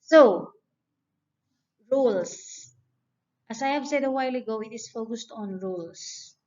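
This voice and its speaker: A woman's voice: a little high, a little slow, a little mellow. A woman giving a grammar lecture, explaining step by step and reading example sentences aloud. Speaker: teacher. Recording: dull lo-fi recording.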